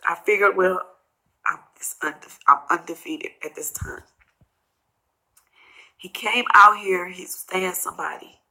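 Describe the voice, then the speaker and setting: A middle-aged woman, tearful and tired, rambling through a personal story in a vlog and quoting others in hushed asides. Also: medium pitch, rough recording. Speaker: vlogger telling a personal story.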